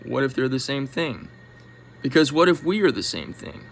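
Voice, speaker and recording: A man talking to camera in an animated, musing monologue, with sudden soft drops in his voice. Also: mid-range voice, normal speed, creaky, slight background noise, rough recording. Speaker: vlogger.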